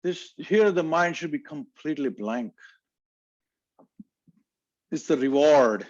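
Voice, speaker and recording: Male yoga teacher, slow unhurried cues, slightly high voice, dry muffled sound. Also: no room sound. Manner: calm, slow cueing of breath and poses, chants mantras. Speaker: yoga instructor. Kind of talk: guided yoga instruction.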